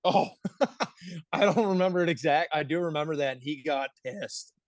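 A man in his thirties from the Pittsburgh area, a hockey player telling animated stories as a podcast guest, laughing often and swearing freely. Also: a little high, moderate pace, dry recording. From Pittsburgh area, United States. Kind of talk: casual podcast storytelling.

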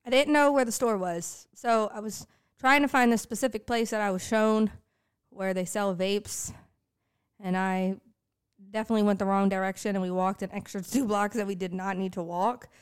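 A woman's voice: mid-range voice, steady tone, moderate pace, smooth. A young woman co-hosting a podcast in casual chat, rambling and self-mocking, swearing freely. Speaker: podcast co-host.

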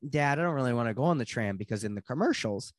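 A man's voice: medium pitch, animated, quick pace, no echo, studio quality. A man in his thirties, co-hosting a podcast in casual chat, telling a story animatedly, acting out voices and laughing often. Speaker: podcast co-host.

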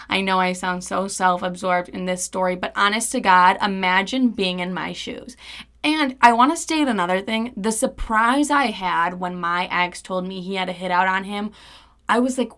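A young woman hosting a podcast, telling a story in casual, animated, profane chat and acting out the quoted dialogue. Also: medium pitch, normal speed. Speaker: podcast host.

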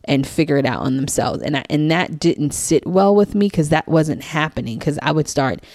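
A woman with a low voice tells a personal story in a casual, chatty monologue. She slips into lively voices for the people she quotes and keeps saying "like". The sound is dry and close. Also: moderate pace, no room sound. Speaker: life coach and psychic reader.

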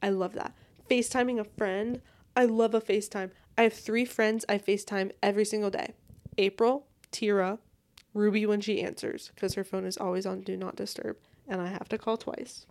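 A chatty young woman hosts a casual solo podcast, rambling along in a bubbly, easygoing way. Her voice sits in an ordinary middle pitch for a woman. She is talking from her bed at home. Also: fairly even intonation, moderate pace, a little mellow. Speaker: podcast host.

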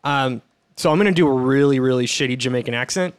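A man co-hosting a comedy podcast, chatting casually with wry, quick asides. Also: medium pitch, smooth. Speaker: podcast co-host.

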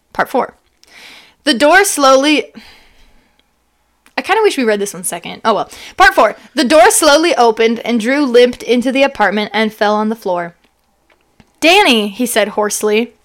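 Higher-voiced woman co-host, reads fan fiction aloud, giggles and rereads lines. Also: animated, normal speed. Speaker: podcast co-host.

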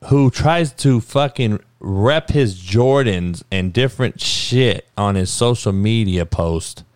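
A man's voice: mid-range voice, dry recording, studio quality. Profane ranting male podcast host. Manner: profane, heated, emphatic. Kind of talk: solo ranting commentary.

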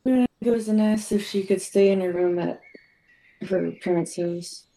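Woman, gravelly, mellow tone, brief tabletop player. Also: mid-range voice, a little slow, rough recording. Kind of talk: casual tabletop play.

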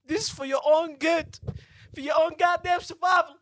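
A man putting on the voice of a furious male gym trainer who shouts profane threats. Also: extremely high pitch, fast, no room sound, studio quality, pitched above the performer's own voice. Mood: furious threatening.

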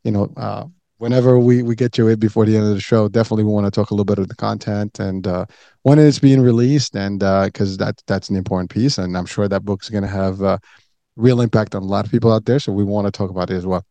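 A man's voice: fairly low pitch, fairly even intonation, fast, gravelly, mellow, dry recording. A man hosting an interview, casual and full of fillers, laughing easily. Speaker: podcast host. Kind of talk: interview conversation.

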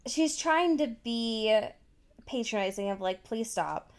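Woman, casual podcast chat, unhurried delivery, swears and says "like" a lot. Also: fairly high pitch. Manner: animated storytelling with frequent swearing and "like" fillers. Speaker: podcast co-host recapping a TV show.

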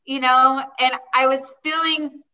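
A woman's voice: high voice, fairly even intonation, a little slow, sharp tone, far from the mic, muffled recording. A woman guest telling her life story in a chatty way, often quoting herself and saying "like". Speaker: interview guest. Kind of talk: personal storytelling.

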